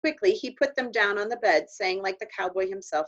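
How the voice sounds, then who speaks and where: A woman reading a children's novel aloud in an expressive storytelling voice. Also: mid-range voice, brisk. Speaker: audiobook reader. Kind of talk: children's book read aloud. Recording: dull lo-fi recording.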